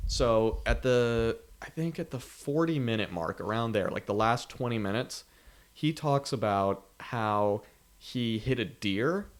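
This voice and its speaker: A man's voice: mid-range voice, lively intonation, measured pace. A young man co-hosting a podcast, telling a long story in a rambling, casual way with many restarts. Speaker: podcast co-host. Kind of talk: casual chat.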